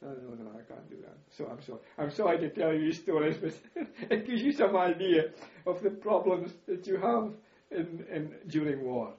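An older man looks back on his wartime days in a relaxed, mellow voice, chuckling and going back over his words as he tells it. His pitch sits a little high for a man. The sound is roomy and slightly dull, as if taped in an echoey space. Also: normal speed, hardly any pauses. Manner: chuckles and repeats words while recounting. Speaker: interviewee, war veteran. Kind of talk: reminiscing storytelling.

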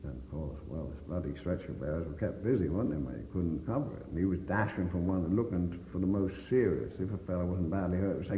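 In a low, dark-toned voice, an aging veteran speaks quickly and barely pauses while describing his wartime experiences for an oral history. He swears constantly and speaks bluntly; a little hiss or hum sits under the dull, reverberant recording.

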